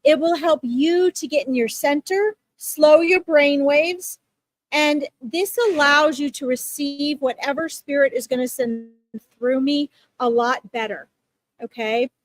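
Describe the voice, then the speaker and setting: High-voiced chatty woman on a livestream. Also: unhurried, no echo. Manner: chatty, reassuring, many okays and ums. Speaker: psychic medium hosting live readings. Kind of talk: casual livestream talk to viewers.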